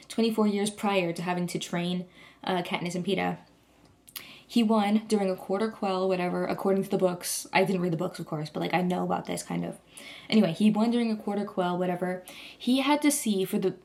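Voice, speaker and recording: Young woman vlogger, casual chat, gushing and rambling, average pitch. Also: creaky, a little mellow. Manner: gushing, rambling, heavy use of "like".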